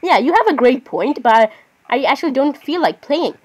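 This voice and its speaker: A woman's voice: high-pitched, animated, moderate pace, a little mellow. A woman giving casual gameplay commentary, chatting on and arguing with herself, often breaking off to apologize. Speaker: gaming channel host.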